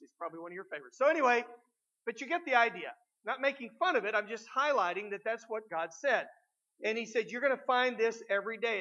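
A man preaching a sermon, swinging between loud emphasis and hushed asides, with many filler words. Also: high-pitched, dull audio. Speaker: pastor.

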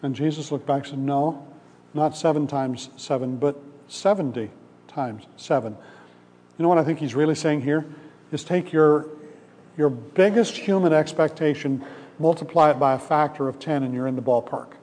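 A man's voice: a little high, moderate pace, mellow. Man preaching in a reverberant hall. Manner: conversational storytelling, acts out voices in the parable. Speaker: pastor. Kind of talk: sermon.

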